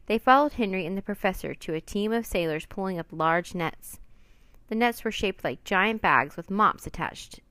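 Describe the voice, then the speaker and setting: A woman narrating a children's storybook in a steady, even reading. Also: mid-range voice, moderate pace, dry recording.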